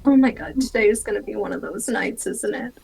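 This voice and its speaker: A woman's voice: on the high side, a little fast, creaky, a little mellow, slightly rough. A woman player speaking in character in a tabletop game, playful and emphatic. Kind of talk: in-character tabletop role-play.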